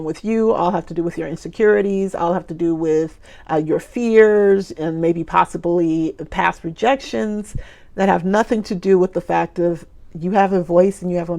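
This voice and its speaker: A woman delivers a motivational vlog talk on making videos and leans on repetition to drive each point home. Her voice sits fairly low with a gravelly edge. Her delivery is emphatic and direct, like a coach. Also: a little mellow. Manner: emphatic, repeats phrases for emphasis.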